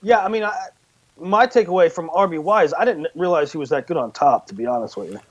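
A man in a casual sports talk, speaking in an animated, stop-start way. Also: on the high side, fast talker, breathy edge. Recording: dull lo-fi audio.

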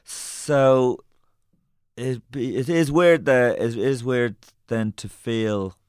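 A man, a comedian hosting a casual chat, who talks in a lively way and laughs often. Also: medium pitch, takes it slowly, clean tone, no echo, clean studio sound.

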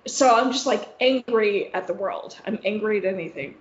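A woman's voice: medium pitch, moderate pace, slight background noise. Rambling, swearing woman telling a story. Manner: rambling, swearing, heavy use of "like". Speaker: podcast co-host. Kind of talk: casual storytelling chat. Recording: roomy, slightly dull sound.

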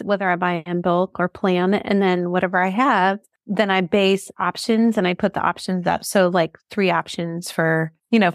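A woman's voice: medium pitch, no echo. Chatty mother in a dry recording. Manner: chatty, talks in lists of options. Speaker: guest, mother of a big family. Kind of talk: casual chat.

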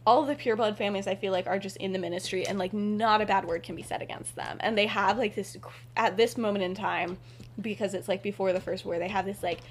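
A woman's voice: steady tone, fast talker. A woman casually retelling a fan story on a podcast, rambling with lots of "like" and "um" fillers. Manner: drops into soft, low asides.

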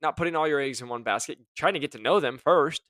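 An energetic man hosts a casual motivational talk, talking in a fairly high voice and joking as he acts out what other people might say. The sound is dry and close, with almost no room. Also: quick pace, no room sound. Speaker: host.

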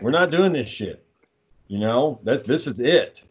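A man's voice: medium pitch, lively intonation, a little slow, husky. Swearing, exasperated young man. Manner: profane, exasperated storytelling. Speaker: storyteller. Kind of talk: casual chat.

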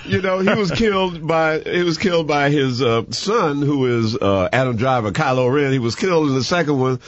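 A man chatting casually as a movie reviewer, rambling and animated, with many restarts and fillers. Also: a little high, normal speed, lo-fi sound. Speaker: movie reviewer on a talk show. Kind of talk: casual chat.

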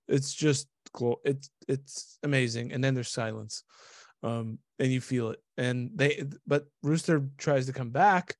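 A man in casual conversation about a film, excited, laughing often and trailing off mid-sentence. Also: mid-range voice, no room sound, studio quality. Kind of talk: casual movie review chat.

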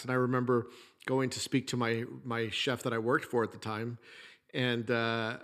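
A middle-aged man hosts his own podcast, talking alone in a relaxed, plainspoken storytelling way. He sounds like a former chef looking back on his kitchen years, with the odd mild curse. His voice sits at an ordinary middle pitch for a man. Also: moderate pace. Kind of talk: casual solo podcast monologue.

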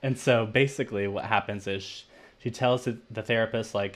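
Young man, podcast co-host, low voice, casual movie recap, lots of "like". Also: steady tone, fairly quick. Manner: retells plot animatedly, heavy use of "like".

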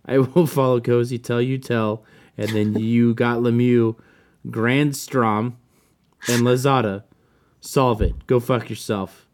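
Male podcast host, mid pitch, ranting and swearing in casual chat. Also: takes it slowly, slight background noise. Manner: profane, animated ranting.

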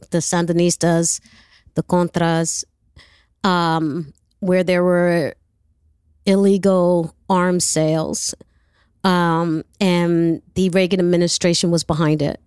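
Blunt, animated New woman. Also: fairly low pitch, smooth, no room sound, studio quality. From New York. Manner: animated, blunt, profane, acts out dialogue. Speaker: guest. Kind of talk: casual storytelling.

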